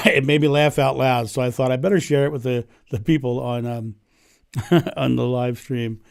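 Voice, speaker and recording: A hoarse man with laryngitis hosting a casual livestream from home, chatting and laughing often into his microphone. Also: mid-range voice, steady tone, moderate pace. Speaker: livestream host. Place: home in Ohio. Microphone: microphone turned up.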